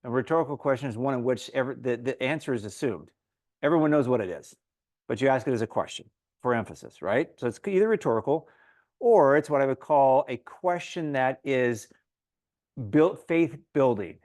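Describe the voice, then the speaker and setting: A man teaching a Bible study in a relaxed, conversational way, often acting out the crowd's voices in quotes. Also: mid-range voice, brisk, no room sound, clean studio sound.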